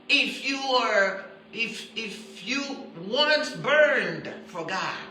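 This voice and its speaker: A woman preaching a sermon who stresses her points by repeating them and turns soft and intimate when she appeals to her listeners. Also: mid-range voice, reverberant, slight background noise, low-quality recording. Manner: emphatic, repeats key phrases for stress.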